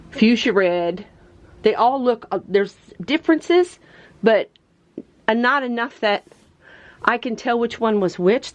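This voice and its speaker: A woman hosting a casual crafting tutorial, chatty and excitable as she shows off her results. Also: fairly low pitch, a little hiss or hum. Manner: chatty, excitable, talks to herself while showing results. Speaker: craft video host.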